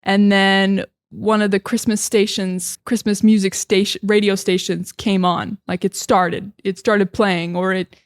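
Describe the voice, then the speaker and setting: American woman, young adult, casual English teacher, chatty, dry close sound, mid pitch. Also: little pitch movement, unhurried, few pauses, dry recording. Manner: chatty, many fillers and restarts. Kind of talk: casual podcast-style teaching.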